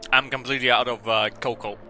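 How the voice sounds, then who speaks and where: A man's voice: mid-range voice, pushed and bright. A man streaming a video game, rambling and joking with frequent laughter and swearing. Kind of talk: casual gaming stream commentary.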